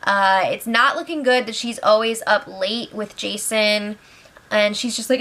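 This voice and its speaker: Chatty bright-voiced woman recapping. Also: fairly high pitch, measured pace. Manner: chatty, laughs often, quotes people in lively voices. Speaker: reality show recap host. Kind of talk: casual spoiler recap. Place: home, with pets nearby.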